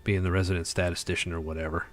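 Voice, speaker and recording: A man's voice: sits low, level tone, racing. A tired man hosting a casual livestream chat, rambling with lots of fillers. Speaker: livestream host.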